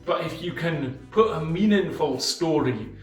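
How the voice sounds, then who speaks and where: A man explaining a book's ideas as a host, speaking in a measured way with deliberate pauses and emphasis. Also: a little high, lively intonation, recorded from a distance. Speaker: channel host summarizing a book. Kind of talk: explanatory book-summary monologue. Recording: roomy sound from off the mic, faint music.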